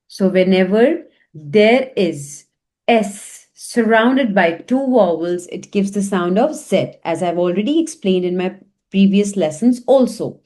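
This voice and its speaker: A young woman teaching a lesson, repeating each word slowly and breaking it into syllables. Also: mid-range voice, expressive, mellow. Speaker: French teacher. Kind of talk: slow language lesson.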